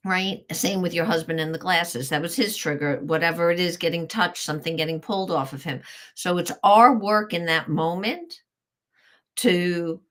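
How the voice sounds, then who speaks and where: A woman, a parenting author, giving advice as a guest in an interview and acting out what a parent would say. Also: fairly low pitch. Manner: animated, acts out what a parent says.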